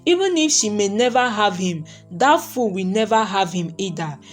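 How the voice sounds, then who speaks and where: A woman narrating a romantic folktale story in a steady, even reading voice. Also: mid-range voice, normal speed, faint music behind.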